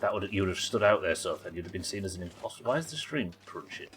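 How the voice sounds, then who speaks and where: A British man streams a game live, muttering to himself and swearing as he talks to his viewers. His voice sits low but has a bright, forceful edge. A faint hiss runs under it. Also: lively intonation, quick pace. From Britain. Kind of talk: live gaming commentary.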